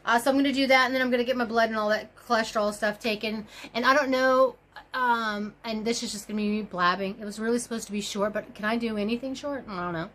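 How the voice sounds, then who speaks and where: A rambling woman crochet vlogger talks casually from home, gushing and exclaiming as she jumps between thoughts. Her voice sits a little high for a woman. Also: fairly even intonation, fast, a bit bright. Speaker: crochet YouTuber. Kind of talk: casual chatty vlog.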